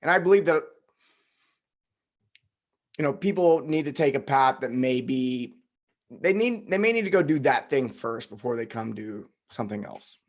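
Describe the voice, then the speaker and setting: A man at a middle pitch hosts a podcast conversation. He thinks aloud in a reflective, easygoing way and often pauses with fillers. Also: expressive. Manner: reflective, with frequent fillers and laughs. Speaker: podcast host.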